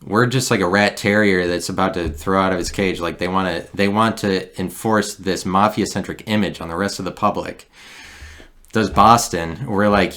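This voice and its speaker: A man's voice: low voice, fairly quick, a bit bright. A man hosting a podcast, talking in a rambling, sarcastic solo monologue into a handheld recorder, often breaking off and restarting his sentences. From Midwestern United States. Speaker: podcast host.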